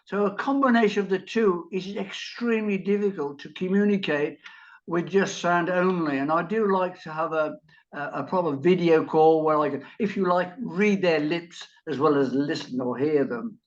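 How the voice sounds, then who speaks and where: A man's voice: on the high side, normal speed. A hard-of-hearing man helping people learn English, chatting over a video call and laughing at his own stories. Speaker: volunteer English helper, guest. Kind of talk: casual conversation on a video call. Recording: dull lo-fi call audio.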